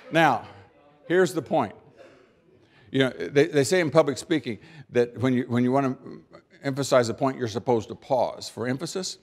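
An American man giving a keynote speech, emphatic, with dry humor, rhetorical questions and deliberate pauses for effect. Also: medium pitch, a little hiss or hum. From United States. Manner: rhetorical questions and repeated build-ups. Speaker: keynote speaker.

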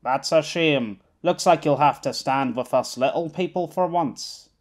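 A man's voice: a little high, unhurried, natural voice. A man voicing a grumpy, sardonic old man in an audiobook. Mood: sarcastic.

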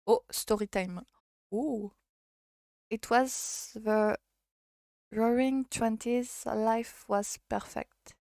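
A woman's voice: a little high, fairly even intonation, very slow, pauses often, warm tone, no echo, studio quality. A tearful vampire aunt, read by a French woman.

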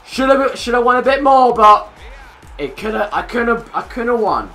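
A young man commentating his own football video game, hoarse from shouting, loud and excitable, swearing constantly and yelling at the players. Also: very high voice, moderate pace, soft background music. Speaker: gamer and channel host. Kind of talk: let's play commentary.

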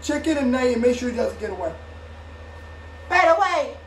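A woman improvising a toy play, voicing several characters and switching voices, with bursts of shouting. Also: high voice, sing-song, moderate pace. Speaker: home video creator. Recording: echoey room with faint background noise.

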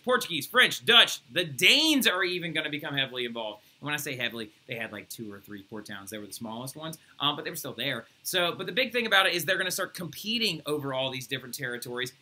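A young male history teacher with a high, very bright voice gives a recorded lecture to his class. He is animated, gets worked up about the material, and keeps tagging his sentences with "right?" to check in with his students.

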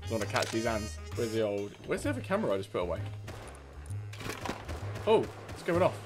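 A man's voice: lowish voice, very animated, fairly quick, over music. A young man giving cheeky, swear-filled gameplay commentary and mocking other players. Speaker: gaming streamer.

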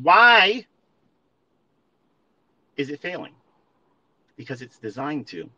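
A man's voice: a little high, bright, forceful tone, no echo, highs cut off. A man ranting at listeners on a live audio stream, profane and emphatic, repeating his points and calling them folks. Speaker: trading educator.

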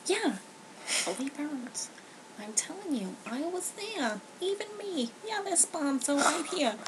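A woman's voice: sits high, big pitch swings, slow, noisy background, full character voice. A woman playing a chatty, scatterbrained bargain-hunting lady who rambles, giggles and repeats a catchphrase, in a comedy sketch. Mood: rambling gossip. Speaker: co-host of a comedy talk sketch. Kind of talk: comedic improvised chat sketch.

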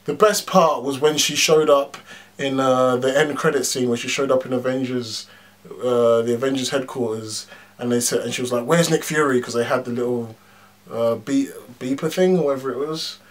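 A man's voice: medium pitch, steady tone, normal speed. A man giving a casual film review as a vlog, talking bluntly and animatedly, swearing freely and padding his points with fillers. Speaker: YouTube movie reviewer.

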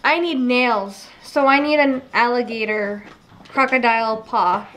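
A chatty young woman vlogging from her kitchen, her voice pitched fairly high for a woman. She talks to the camera in a casual, teasing way about her day. A faint hiss sits under the home recording. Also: measured pace, fairly bright tone. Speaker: vlogger and mother of twins. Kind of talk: casual home vlog chat. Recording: faint background noise.

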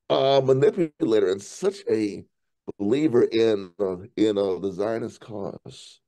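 A man in casual political chat, animated, often repeating words and breaking into laughter. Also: lowish voice, normal speed, creaky.

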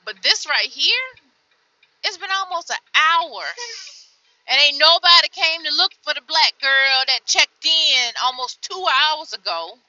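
Fed-up woman trucker venting, lively voice. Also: a little slow, no room sound, highs cut off. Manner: frustrated, weary, swings from low mutters to loud outbursts. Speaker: truck driver vlogger. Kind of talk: venting vlog from the truck cab. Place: inside a truck cab.

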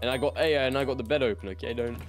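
A man's voice: medium pitch, rapid-fire, soft background music. Teasing man joking through a game. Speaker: guest co-player. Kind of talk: casual gaming banter.

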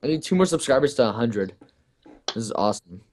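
A man chatting casually with a friend during an online game, rambling with quick asides and many ums and okays. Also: mid-range voice, sing-song, a little mellow. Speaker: gaming YouTuber. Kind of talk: casual gameplay chat.

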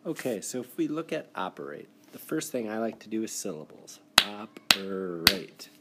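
A man with a very low voice walks young students through a spelling exercise on a screencast. His delivery is encouraging and methodical. A faint hiss sits under the recording. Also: very animated, a little fast, darkish tone. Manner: encouraging, explains step by step. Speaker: teacher. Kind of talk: classroom screencast lesson. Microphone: device mic for screen recording.

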